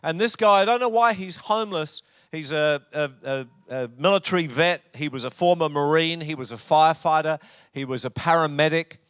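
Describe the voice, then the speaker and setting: A man's voice: a little high, normal speed, clear, resonant tone, dry recording, clean studio sound. A male pastor with an Australian accent preaching a sermon, telling stories with jokey asides. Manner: jokey, storytelling, warm asides. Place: church.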